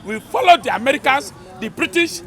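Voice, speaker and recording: A man with a Nigerian accent, talking loudly and emphatically in a rambling street interview. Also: very high voice, expressive, brisk. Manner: fervent, loud, rambling and emphatic. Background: crowd noise.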